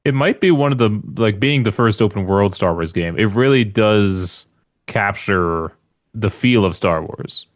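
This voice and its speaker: Low voice guy cohost, agreeable, dry close sound. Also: lively intonation, a little slow, no echo. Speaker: podcast co-host. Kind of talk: casual chat about video games.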